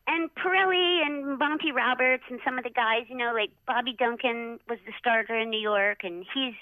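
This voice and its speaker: High-voiced animated woman, lo-fi. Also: normal speed, no echo. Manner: animated, acts out others' lines with many "like" fillers. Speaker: interview guest, former jockey. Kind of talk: casual storytelling interview. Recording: dull lo-fi audio.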